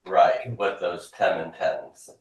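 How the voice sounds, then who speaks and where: A man with a somewhat low voice teaches a class, explaining step by step and drilling forms aloud. He is heard from across a very echoey room. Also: slow, distant mic. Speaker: Hebrew instructor. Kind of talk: classroom lecture.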